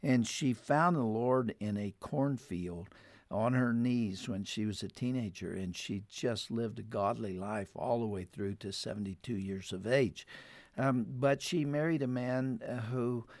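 A man telling a family story in an earnest way, who then turns to warm, urgent encouragement. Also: mid-range voice, a little slow, dry recording. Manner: heartfelt, rises to urgent appeals. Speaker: radio program guest.

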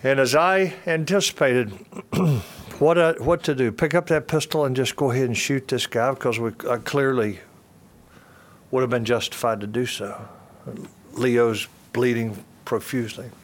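A man's voice: medium pitch, moderate pace. Older man giving earnest testimony. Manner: earnest storytelling with repeated phrases and restarts. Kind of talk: personal testimony talk.

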